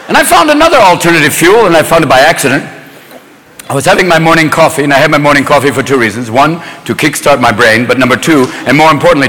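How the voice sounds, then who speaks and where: A man doing manic stand-up comedy, switching voices rapidly. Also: fairly high pitch, expressive, slight background noise, poor audio. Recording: live stage with loud crowd.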